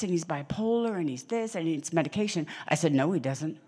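A middle-aged woman preaches before a congregation in a husky, slightly low voice. She tells her stories with flair, acting out the people she quotes and swinging from hushed whispers to loud exclamations. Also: expressive, fast talker. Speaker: guest preacher. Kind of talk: animated sermon with storytelling. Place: church hall in front of a congregation.

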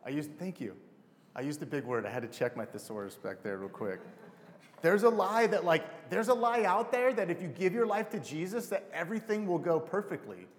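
A man's voice: on the high side, expressive, brisk, long reverb tail. A man preaching a casual, heartfelt sermon to a congregation, calling them "you guys". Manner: casual, emotional, addresses crowd as "you guys". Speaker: pastor.

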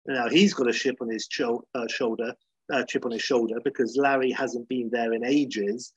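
A man retells a comedy episode in a loose, chatty way, filled with ums and uhs. His voice is husky and mid-pitched. The sound is dry and close. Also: steady tone, moderate pace, no echo, highs cut off. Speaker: comedy recapper.

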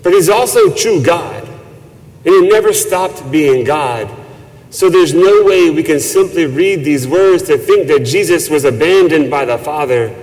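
A man preaching a sermon as a priest, slow and measured with reverent emphasis. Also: on the high side, expressive, a little mellow. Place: church. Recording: long church reverb.

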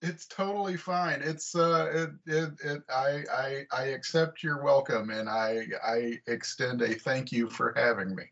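A man in his forties, a guest on an interview podcast, talking in a halting, self-deprecating way with repeated words and chuckles. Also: mid-range voice, fairly even intonation, fairly bright tone. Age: 40s. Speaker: guest comic artist. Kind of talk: casual interview chat. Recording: dull lo-fi remote call audio.

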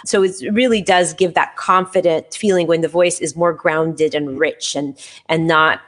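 A woman hosting an interview show who talks reflectively and is self-deprecating, with many halting restarts. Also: deep voice, fairly even intonation. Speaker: show host. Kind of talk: casual interview chat.

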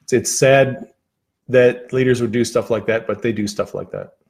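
A man talking loosely to his viewers on a livestream, his voice worn down after a long session. He wanders through his thoughts with plenty of fillers, false starts and restarts, sitting at a mid pitch for a man. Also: fairly even intonation, creaky, a little mellow. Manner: rambling, halting, with many fillers and restarts. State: losing his voice. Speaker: livestream host. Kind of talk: casual livestream chat.

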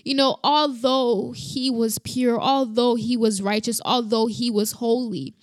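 A woman sharing a personal Bible reflection, earnest and halting, often restarting and growing emotional. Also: on the high side, steady tone, no echo, clean studio sound. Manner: earnest, halting, many restarts and "you know".

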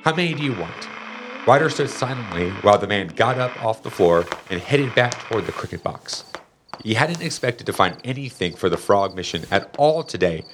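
A man reading a children's storybook aloud in an expressive, animated way. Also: on the low side, normal speed, faint music behind. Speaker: narrator.

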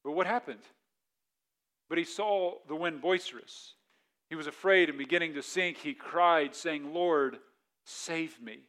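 A male pastor preaching a sermon, telling the story with lively acted-out panic and dropping to quiet, reflective asides. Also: fairly high pitch, normal speed. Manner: animated storytelling, acts out the disciples' panic in a raised voice; drops to a quiet, soft delivery for reflective points.

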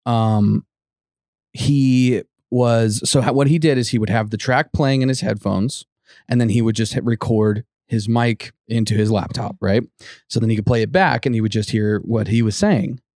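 Man, middle pitch, dry close sound, casual rambling storyteller who quotes himself a lot. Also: normal speed, a little mellow, no room sound. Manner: rambling, full of "like" and restarts, acts out quotes. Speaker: podcast co-host telling a ghost story.

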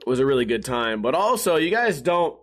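This young vlogger's medium-pitched voice swings widely as he briskly rambles through a profane story to camera. He frequently chuckles at his own jokes while addressing viewers.

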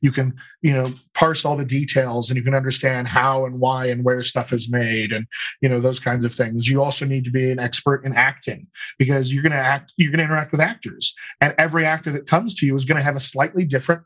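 A man working as a dialect coach, answering interview questions in an explanatory, animated way and laughing easily. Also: mid-range voice, fast, rough recording.

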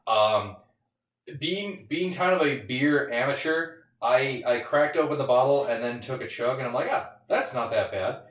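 A man's voice: medium pitch, normal speed, fairly bright tone. Man, joking chatty podcast talk, echoey room, mic far off. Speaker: podcast co-host. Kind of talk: casual chat. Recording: roomy, distant mic.

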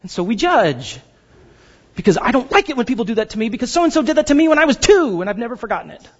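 A male pastor preaching with a high, very lively voice that jumps all over the place. He jokes with the congregation and acts out little quoted voices. The recording sounds dull and lo-fi. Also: quick pace, big-room sound. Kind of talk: sermon.

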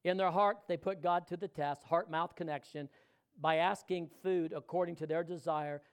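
A male pastor preaching a sermon, swinging between loud exhortation and hushed, intimate talk and putting questions straight to the congregation. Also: on the high side, fairly even intonation, moderate pace, clear, resonant tone.

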